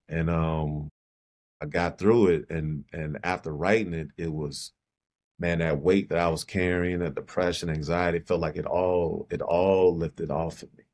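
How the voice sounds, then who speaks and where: A very deep-voiced middle-aged man from Chicago, guesting on a podcast. He speaks in a reflective, halting manner and circles back to repeat key phrases. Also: a little mellow. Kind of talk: personal storytelling in conversation.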